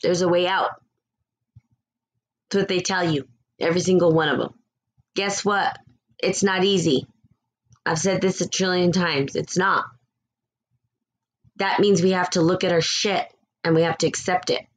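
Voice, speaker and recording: A woman's voice: on the low side, steady tone, normal speed, long pauses, a little hiss or hum. A woman hosting a spiritual talk show, speaking in a blunt, candid, casual way, swearing freely and laughing now and then. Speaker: spiritual podcast host.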